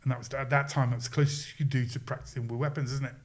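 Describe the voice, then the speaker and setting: A man guest on a podcast, telling stories in an animated, casual way and acting out quoted voices. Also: medium pitch, very fast. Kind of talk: casual storytelling.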